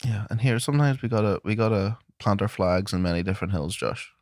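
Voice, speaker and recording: A man's voice: fairly low pitch, fast talker, darkish tone, no room sound, clean studio sound. A man with a Liverpool accent, co-hosting a comedy gaming podcast in casual, sweary banter. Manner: sweary, laid-back. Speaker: podcast co-host.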